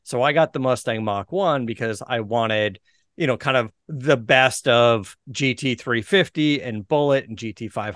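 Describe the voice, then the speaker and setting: A man's voice: medium pitch, a bit bright, dry recording. Male podcast host, mid-range voice, easygoing rambler, keen car enthusiast, dry close mic. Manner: enthusiastic car talk, loose rambling with fillers. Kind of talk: casual chat.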